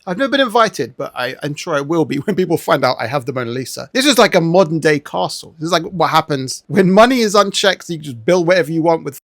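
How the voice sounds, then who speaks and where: A man giving casual, joking reaction commentary, animated and prone to swearing. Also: a little high, quick pace, hardly any pauses, dry recording, studio quality. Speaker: video reactor.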